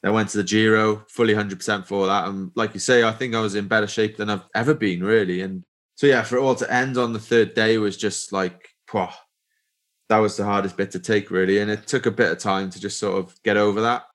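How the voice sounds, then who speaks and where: A man in his thirties, a pro cyclist, telling stories in a relaxed interview chat with lots of fillers. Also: fairly low pitch, fairly quick. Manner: relaxed storytelling with many fillers. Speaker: professional cyclist guest.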